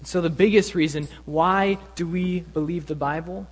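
Earnest high-voiced young preacher. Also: male voice, steady tone, normal speed. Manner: earnest, emphatic, teaching. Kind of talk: sermon. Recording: long reverb in a hall.

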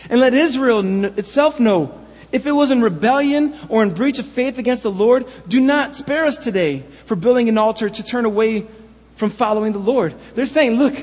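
A man's voice: high voice, lively intonation, normal speed, darkish tone, breathy edge, in a large hall. A man preaching a sermon, reading scripture aloud and then retelling it with passionate paraphrase.

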